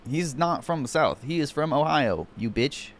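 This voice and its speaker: A man's voice: on the high side, lively intonation, moderate pace. A man streaming, reacting with sarcastic, profanity-laden mockery in casual commentary. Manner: profane, mocking, sarcastic rants.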